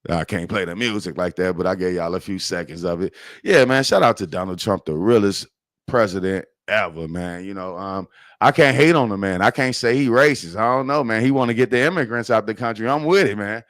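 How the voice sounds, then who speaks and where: Man, Chicago accent, lowish voice, dry close sound, casual profane rambling commentary, podcast host. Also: fairly quick, a bit bright, no echo.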